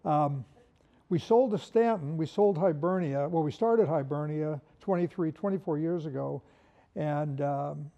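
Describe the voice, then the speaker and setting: A man's voice: on the high side, a little slow, gravelly, dark tone, highs cut off. An older man in the carpet trade giving an informal, folksy product talk, rambling through stories with humor.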